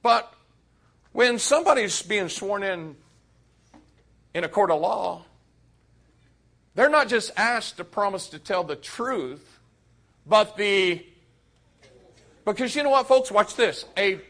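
Animated preacher, lively high voice. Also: male voice, slow pace, pauses often. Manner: animated, addresses youth directly. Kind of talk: sermon.

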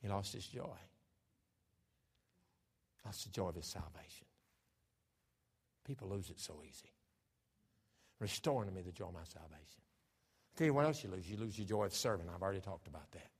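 A man with an American accent, a pastor preaching a sermon emphatically, moving from hushed storytelling to raised, fervent delivery. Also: low voice, animated, moderate pace, long pauses, husky. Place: church sanctuary. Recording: church hall reverb.

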